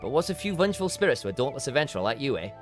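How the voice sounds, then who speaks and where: A man's voice: mid-range voice, very animated, very fast, faint music behind, natural voice. A man voicing a plain-spoken northern villager from a fantasy game, in a broad Yorkshire accent. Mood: earnest. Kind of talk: reading game dialogue in voice.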